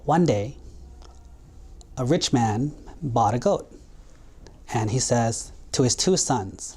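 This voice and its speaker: A man's voice: mid-range voice, takes it slowly, pauses often, slightly rough. A man, a Buddhist monk, telling a moral story in a sermon with plain, simple words. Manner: simple plain words, lively acted quotes.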